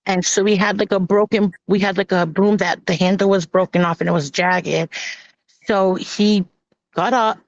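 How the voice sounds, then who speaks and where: A woman telling her own hard story on a live stream, halting with many pauses and restarts and acting out what others said. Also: mid-range voice, fairly even intonation, dry recording. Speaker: guest sharing her personal story. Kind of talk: emotional personal testimony on a live stream. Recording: dull lo-fi stream audio.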